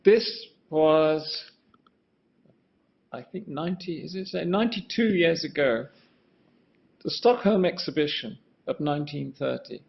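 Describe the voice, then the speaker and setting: A man's voice: fairly high pitch, a little slow, vocal fry, long pauses. An older man giving a rambling, musing lecture on architecture, often restarting his sentences and asking for the next slide. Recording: muffled lo-fi sound.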